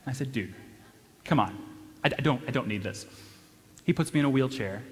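Young man, church event storyteller, animated and self-mocking, mid-pitched, big reverberant hall. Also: moderate pace. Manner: animated, self-deprecating, many restarts and "right?". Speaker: church speaker. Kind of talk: storytelling talk to an audience.

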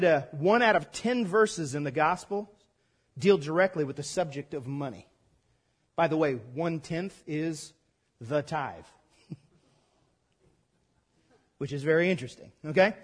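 A man preaching a sermon to his congregation as pastor, animated and repeating lines for emphasis, playfully mimicking the voices of his listeners. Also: high voice. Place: church sanctuary before a congregation.

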